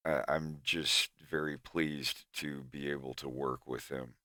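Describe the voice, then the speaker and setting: Man from Florida, Southern drawl, casual rambling chat, low voice, dry close sound. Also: flat delivery, a little slow, sharp tone, no echo. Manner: rambling, restarts often, laughs easily. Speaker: animator and streamer.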